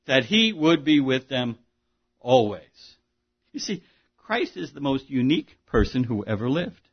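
Male pastor, husky voice, slightly high, emphatic conversational sermon style, muffled recording. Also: expressive, normal speed. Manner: emphatic, conversational preaching with asides and rhetorical questions.

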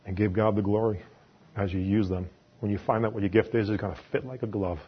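Husky New York man preaching casually. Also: lowish voice, steady tone, quick pace, highs cut off. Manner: chatty and conversational, with self-deprecating asides and laughs. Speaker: lay preacher. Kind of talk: informal sermon.

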